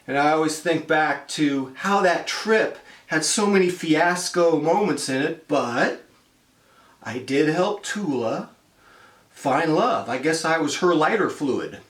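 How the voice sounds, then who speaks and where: A man's voice: fairly high pitch, unhurried, a bit bright, reverberant, distant mic. A man in his fifties from the United States telling a travel story in a chatty vlog, acting out the people he quotes. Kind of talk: casual spoken storytelling.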